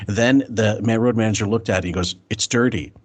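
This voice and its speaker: A man co-host on a casual podcast who tells a rambling story and keeps restarting. His voice is lowish and a bit husky. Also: fast talker, a little mellow. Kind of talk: casual podcast chat and anecdote.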